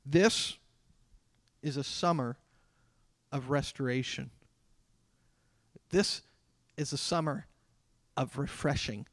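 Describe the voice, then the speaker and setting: A man delivering a sermon as a pastor, talking conversationally with dramatic pauses. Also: medium pitch, fairly bright tone, no echo. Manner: conversational preaching with dramatic pauses and acted quotes.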